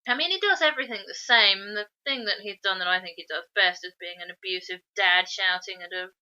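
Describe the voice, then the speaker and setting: A woman with a forceful, bright, tense voice, picking apart a film in relaxed podcast chat. She sounds opinionated and critical. The audio is a bit dull and lo-fi. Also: mid-range voice, fairly quick. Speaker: podcast co-host. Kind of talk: casual film review chat.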